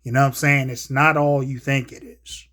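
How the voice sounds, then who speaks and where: At a moderate pace, a male solo host rambles casually about films, cursing frequently. He swings between muttering low and erupting into loud, excited outbursts.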